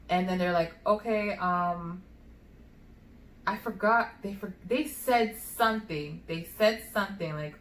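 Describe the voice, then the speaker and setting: A young woman with a New York accent telling a personal story in a casual, animated way, full of fillers and acted-out dialogue. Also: medium pitch. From United States. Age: young adult. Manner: animated, swears, filler-heavy, acts out dialogue. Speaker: vlogger. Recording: echoey room.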